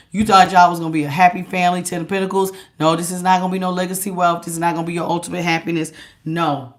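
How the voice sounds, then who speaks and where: A woman giving a tarot reading to her viewers, talking in an animated, emphatic and casual slangy way. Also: on the low side. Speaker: tarot reader. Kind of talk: direct-to-camera tarot reading.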